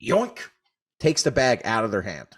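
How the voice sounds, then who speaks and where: A man's voice: on the low side, lively intonation, normal speed. A man, co-hosting a podcast and telling a rambling, profane story in casual chat. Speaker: podcast co-host.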